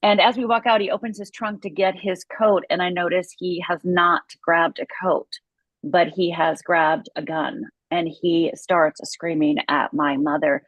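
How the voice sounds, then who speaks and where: A woman's voice: fairly low pitch, fairly even intonation, a little slow, dry recording, muffled recording. A middle-aged woman from Upper Michigan, a guest telling her life story with intense, vivid storytelling. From Upper Michigan, USA. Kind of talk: personal story in an interview.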